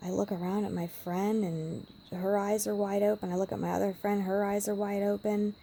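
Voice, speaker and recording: Woman vlogger, gravelly and warm-toned, emotional storyteller who slips into whispers. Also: medium pitch, little pitch movement, moderate pace, slight background noise. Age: adult parent. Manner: emotional, drops to a hushed whisper at times. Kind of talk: personal storytelling vlog.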